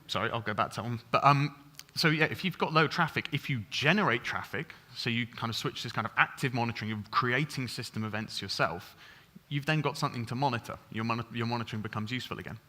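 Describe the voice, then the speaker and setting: A man speaks from a conference stage in a bright, forward voice. He rattles on in a casual, conversational way, with frequent ums and self-corrections. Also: mid-range voice. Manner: fast, chatty, full of ums and restarts. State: over-caffeinated. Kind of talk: technical conference talk.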